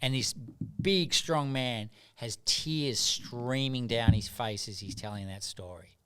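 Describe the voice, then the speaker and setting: Middle-aged aussie guy, smooth clear voice, earnest storyteller on a podcast. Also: medium pitch, slow pace. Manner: earnest, animated anecdotes with frequent restarts. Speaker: guest, doctor and rites of passage mentor. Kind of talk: reflective storytelling in podcast conversation.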